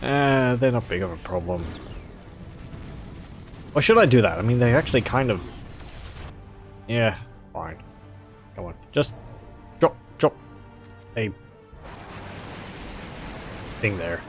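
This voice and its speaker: A man's voice: mid-range voice, animated, slow, long pauses, soft background music. A man casually commenting on a strategy game, chatty and rambling, with jokey asides. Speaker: gameplay commentator.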